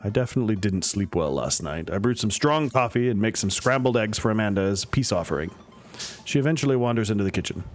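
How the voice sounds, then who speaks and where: A man's voice: on the low side, animated, fast talker, soft background music. A man reading a story game aloud for a let's play, voicing the dad character, with playful joking asides. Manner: playful, joking asides between read lines.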